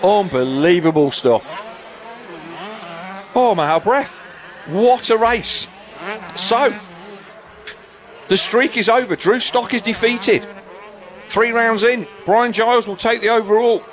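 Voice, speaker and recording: A man commentating live on a motocross race, excitable and breathless with quick-fire calls. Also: high-pitched.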